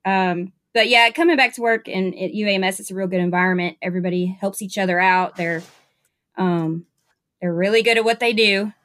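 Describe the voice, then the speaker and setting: A woman's voice: medium pitch, brisk, a bit bright. Southern woman nurse, mid-range voice, chatty and upbeat, interview guest. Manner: chatty, upbeat storyteller with many fillers. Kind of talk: casual interview conversation.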